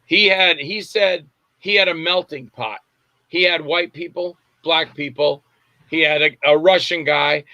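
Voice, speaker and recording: A man's voice: on the high side, a little slow, pushed and bright, dry recording, highs cut off. A man, a film director, being interviewed and telling long, rambling stories, often stopping to search for names. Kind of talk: casual interview storytelling. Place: lives in Tampa.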